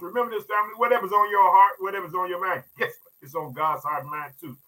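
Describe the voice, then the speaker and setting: A man with a high, very bright, ringing voice delivers a fervent podcast sermon. He talks in a casual, folksy way. He circles back to his points again and again and calls his listeners "family.". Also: fairly even intonation, fast, poor audio. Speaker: preacher.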